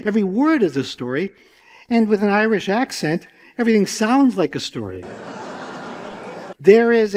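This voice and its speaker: Chatty older storyteller in a reverberant hall. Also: male voice, a little high, darkish tone. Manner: chatty, asks the audience questions. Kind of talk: live stage storytelling. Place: festival stage before a live audience. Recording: long reverb from a large hall.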